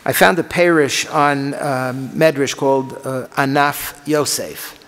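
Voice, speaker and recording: A middle-aged man teaching a text class, reading Hebrew passages aloud and translating them, halting with fillers and restarts. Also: medium pitch, steady tone, a bit bright. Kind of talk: lecture reading and translating Hebrew and Aramaic texts. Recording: long hall reverb.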